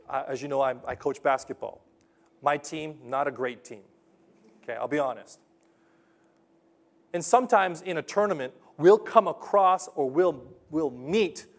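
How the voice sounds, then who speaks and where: A man preaching a sermon, telling a story with lively swings between loud, punchy lines and hushed, earnest ones. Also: mid-range voice. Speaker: pastor.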